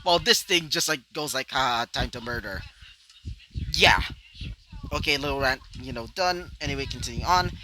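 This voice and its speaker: A man's voice: fairly high pitch, moderate pace, low-quality recording. A young man improvising a fan fiction story, rambling with many fillers and side rants. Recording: loud background noise.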